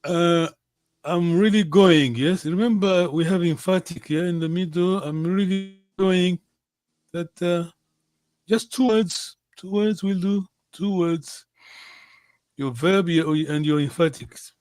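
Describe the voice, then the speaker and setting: A man's voice: high voice, slow pace, darkish tone, no room sound. A man teaching a language class over a video call, patiently correcting students and often checking in with "yes?". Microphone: computer on a video call.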